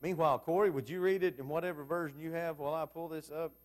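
Male preacher, fairly high voice, chatty sermon that turns to the congregation with questions. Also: steady tone, fast talker. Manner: conversational, asks the congregation questions. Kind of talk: Bible class sermon.

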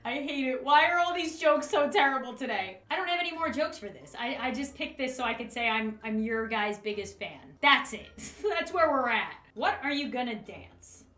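Young woman YouTuber, very lively and bright, goofy and giggly, echoey room with faint music. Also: sits high, moderate pace, hardly any pauses. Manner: giggly, goofy, talks to herself and the camera. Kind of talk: comedic filter-testing vlog. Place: home office.

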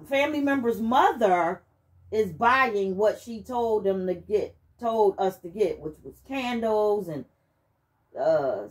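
Woman host, personal testimony, emphatic storyteller addressing viewers, mid pitch. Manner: animated, emphatic, addresses listeners directly. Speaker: channel host giving testimony.

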